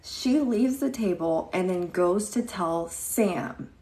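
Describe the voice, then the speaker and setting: Woman, thirties, livestream host, unhurried gravelly voice, echoey room. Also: lowish voice, animated, dark tone. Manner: chatty, greets viewers mid-story, acts out quotes. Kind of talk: casual livestream storytelling.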